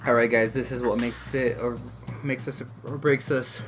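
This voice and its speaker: A man giving excitable let's play commentary as a gaming YouTuber, muttering and groaning at the game. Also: medium pitch, normal speed. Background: game music.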